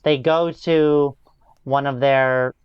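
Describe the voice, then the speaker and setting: A podcast co-host chatting casually about a movie, wry and quick to laugh. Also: medium pitch, steady tone, clean tone, no echo, lo-fi sound. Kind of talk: casual movie recap chat.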